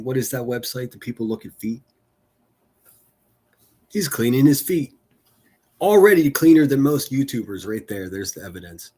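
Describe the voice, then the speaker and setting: A man with a husky voice hosts a live stream in a loose, casual way, talking over a broadcast. He keeps up a steady run of teasing, crude jokes and laughs often. His pitch sits in the middle range.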